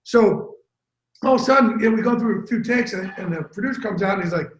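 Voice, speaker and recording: A man telling stories as a guest in a casual, profane interview, animated and quick. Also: sits high, reverberant, poor audio. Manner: animated, profane, fast-talking storyteller. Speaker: interview guest, sports broadcaster. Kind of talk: casual storytelling chat.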